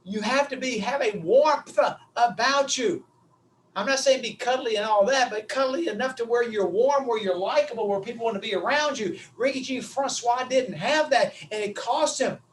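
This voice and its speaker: A man giving a motivational webinar talk, telling stories in an animated way that swings from loud to quiet. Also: high-pitched, far from the mic, a little hiss or hum, rough recording. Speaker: speaker.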